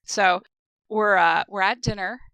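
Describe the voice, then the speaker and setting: A woman's voice: medium pitch, steady tone, unhurried, fairly bright tone, clear, resonant tone, dry recording. A woman co-hosting a podcast, telling stories in a rambling, chatty way with lots of fillers. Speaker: podcast co-host. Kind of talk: casual chat.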